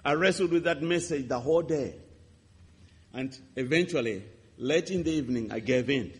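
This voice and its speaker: Husky preacher in a reverberant hall. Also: male voice, a little high, normal speed. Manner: impassioned storytelling with sharp swings between loud and hushed. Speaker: pastor. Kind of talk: sermon testimony.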